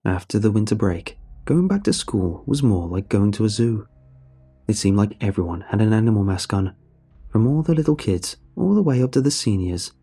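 A man reads a dark story in a low, husky voice with a mellow, dark tone. His delivery is measured but lively in pitch, with faint music playing behind him. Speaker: narrator. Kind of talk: scripted horror story narration.

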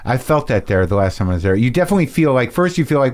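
A man's voice: mid-range voice, big pitch swings, racing, darkish tone. A man hosting a casual interview, asking questions in an eager, loose way. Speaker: host.

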